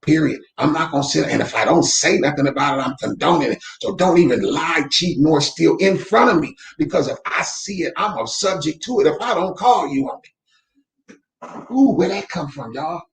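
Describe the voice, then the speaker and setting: A man running his company's weekly motivational talk from home, speaking fervently like a preacher and breaking into shouts. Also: on the high side, expressive, moderate pace, gravelly, roomy sound. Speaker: real estate company owner, host. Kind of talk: live faith-based motivational talk. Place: room at home. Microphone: camera mic.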